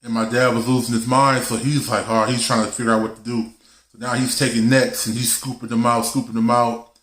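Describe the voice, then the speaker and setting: A man's voice: mid-range voice, a bit bright. Man telling a story in an echoey room. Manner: loose, slangy, laughs through his story. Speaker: live stream host. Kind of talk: casual storytelling chat. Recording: roomy echo.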